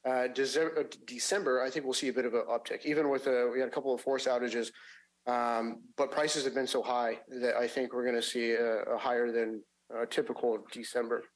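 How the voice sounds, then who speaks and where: A man walks a board through financial figures at a public meeting. He speaks in a measured way and fills his sentences with pauses and restarts. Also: medium pitch, level tone, rough recording. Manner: measured, frequent fillers and restarts. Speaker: agency finance staff presenting a report. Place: public agency meeting room.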